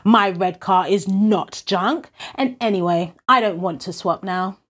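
A woman's voice: medium pitch, measured pace, a bit bright. A woman voicing a proud, stubborn young boy in a read-aloud picture book, boastful and indignant.

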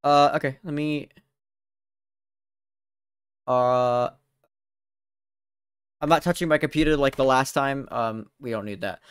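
A man's voice: medium pitch, slow, long pauses, clean tone, no room sound, studio quality. Flustered young man streaming at his computer. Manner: flustered and scattered, with restarts and swearing. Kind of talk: casual chat on a livestream.

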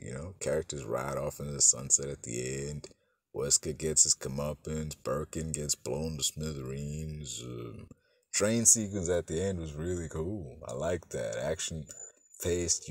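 A man giving a casual film review, swearing freely and swinging between loud outbursts and low mutters, with quick acted-out bits. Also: no room sound, studio quality. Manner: acts out characters in quick exaggerated bits.

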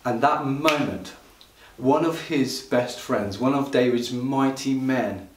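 A man preaching a livestreamed church sermon with impassioned delivery, at times rising into loud pleading cries. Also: medium pitch, slow pace. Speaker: pastor. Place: church hall. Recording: roomy hall sound from a distant mic.

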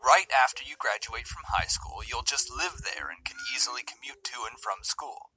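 A man's voice: mid-range voice, animated, normal speed, sharp tone, slightly rough, exaggerated voice, rough recording. A man voicing a stern, controlling middle-aged father in a visual novel reading, curt and condescending. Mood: cold, lecturing.

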